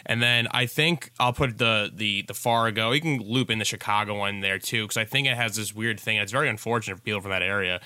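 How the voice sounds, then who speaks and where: A man with a New York accent, talking earnestly and haltingly in a casual chat. His voice is low but very bright and crisp, recorded close and dry. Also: dry recording. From Staten Island. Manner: earnest, halting, many restarts.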